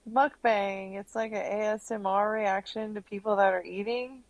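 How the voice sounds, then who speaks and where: A woman's voice: mid-range voice, steady tone, moderate pace, no room sound, lo-fi sound. A woman joining a stream as a guest in casual chat, easygoing and wry.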